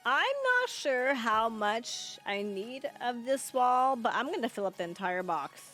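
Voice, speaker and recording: Lively, animated woman streamer. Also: fairly high pitch, a little slow, faint music behind. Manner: chatty and playful, laughs often, talks back to chat. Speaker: livestreamer. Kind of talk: live gameplay commentary and chat with viewers.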